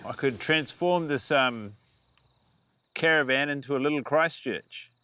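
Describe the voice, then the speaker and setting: A man's voice: mid-range voice, unhurried, pushed and bright, no echo. A man with a New Zealand accent, a comedian giving a mock-earnest tour of his handmade display. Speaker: comedian contestant. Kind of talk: comic mock tour presentation.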